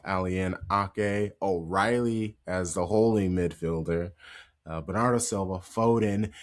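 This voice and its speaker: Deep guy hosting a football podcast, chatty, laughs a lot. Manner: chatty, laughs easily, lots of fillers. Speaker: podcast host. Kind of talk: casual football chat.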